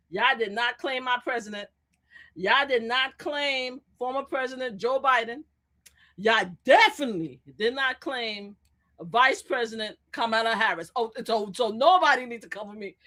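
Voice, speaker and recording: A woman calling in as a guest on a live stream, talking loud, animated and sassy in casual political chat. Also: on the high side. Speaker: guest commentator.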